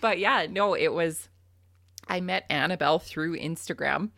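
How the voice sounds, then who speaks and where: A woman's voice: lowish voice, a little slow, vocal fry, a bit bright, no room sound, studio quality. A young adult woman from Canada, a farmer and podcast host, telling a funny story in casual chat and laughing often.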